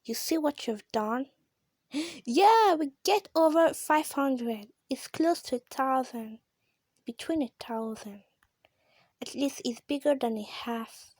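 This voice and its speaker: A high, excitable female voice narrating a mobile game, full of gasps and exclamations and now and then slipping into a whisper. She talks unhurriedly and straight to her viewers, recorded close and dry with no room sound. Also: slow, no room sound. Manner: drops to a whisper at times. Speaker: gaming channel host. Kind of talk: excited let's-play commentary.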